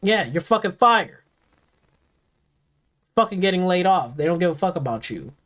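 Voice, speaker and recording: A man's voice: high-pitched, sing-song, moderate pace, fairly bright tone. A man hosting a gaming stream, delivering an angry, profanity-heavy reaction rant full of repetition. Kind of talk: ranting reaction commentary.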